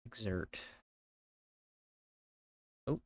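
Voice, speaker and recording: A man's voice: no room sound, clean studio sound. A young man from the East Coast of the United States, casually chatting on a live stream while thinking aloud as he codes. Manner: thinks aloud while coding, reading code slowly.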